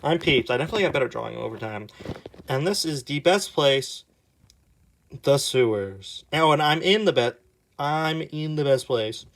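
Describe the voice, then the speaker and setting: A young man casually commenting as he reads his old comics aloud, sarcastic and exasperated, with quick asides. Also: on the high side, lively intonation, creaky. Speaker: YouTube artist.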